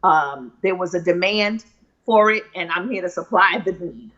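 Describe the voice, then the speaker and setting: A woman's voice: on the low side, lively intonation, normal speed, a bit bright, dull audio. A woman author being interviewed on a live video show, speaking in a confident, persuasive, motivational way.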